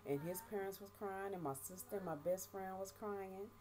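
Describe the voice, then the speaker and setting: A middle-aged woman giving a halting, emotional personal testimony, often repeating words and speaking of her faith. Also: medium pitch, crowd noise. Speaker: vlogger sharing life after prison.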